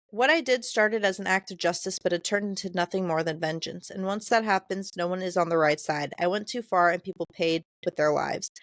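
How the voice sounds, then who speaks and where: A woman's voice: mid-range voice, dry recording, clean studio sound. Woman casually reading book passages aloud. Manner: reads quoted dialogue in a plain voice, stumbles over names. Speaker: podcast co-host.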